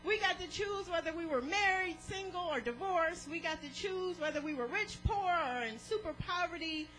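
A woman preaching a sermon in an animated way, laughing often and drawing the congregation into call and response. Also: very high-pitched, normal speed, a little hiss or hum, poor audio.

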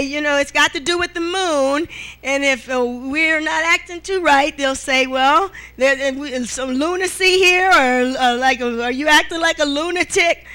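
A woman's voice: high-pitched, pushed and bright. A middle-aged woman preaching a sermon, with calls of amen and hallelujah and frequent "all right?" to the congregation.

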